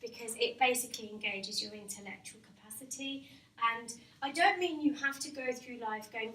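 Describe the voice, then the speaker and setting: A woman's voice: a little high, normal speed, fairly bright tone. A woman, a hypnotherapist, giving an informal talk to office staff. She is chatty, laughs often and asks the room questions. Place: company meeting room with a live audience. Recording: roomy and distant, faint background noise.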